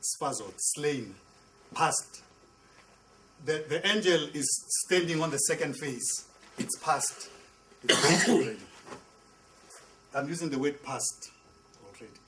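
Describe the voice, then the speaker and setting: High-voiced pastor teaching a class. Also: male voice, slow, long pauses, noisy background. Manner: repeats and restarts words, emphatic, asks the class questions. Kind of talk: classroom Bible lecture. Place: classroom with a board.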